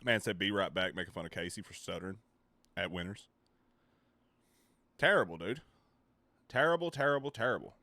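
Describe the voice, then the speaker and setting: A man's voice: sits low, lively intonation, moderate pace, long pauses, sharp tone, no echo. A man chatting casually with his viewers on a live stream, joking, rambling and swearing freely.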